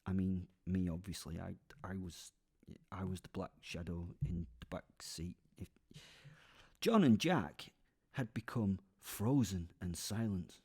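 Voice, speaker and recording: A man narrates a comic story in the first person for his podcast. His voice sits a little low and has a warm, mellow tone. He rambles into asides and sometimes drops into a whisper. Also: measured pace, slightly rough.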